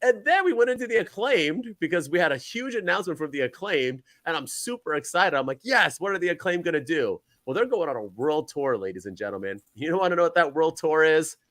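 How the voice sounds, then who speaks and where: A man co-hosting a podcast, recapping wrestling in a rambling, exasperated, animated way. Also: on the high side, fast, few pauses, no echo. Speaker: podcast co-host. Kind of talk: casual wrestling chat.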